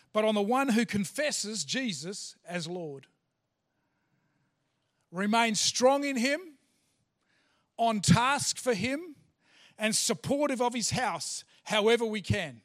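Aussie pastor guy, really high voice, preaching hard, keeps repeating lines. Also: expressive, unhurried, pauses often, a bit bright. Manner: emphatic, repeats phrases, self-restarts. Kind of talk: sermon. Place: church hall.

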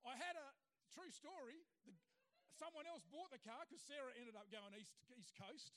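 A man's voice: very high voice, normal speed. A middle-aged man sharing a personal testimony with an audience, acting out the people he quotes as he tells the story. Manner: animated storyteller who acts out the people he quotes.

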